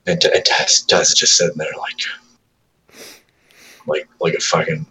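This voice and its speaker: Deep-voiced dad telling profane stories. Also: male voice, flat delivery, measured pace, sharp tone, poor audio. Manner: profane storytelling, acts out his toddler's lines. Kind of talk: casual chat.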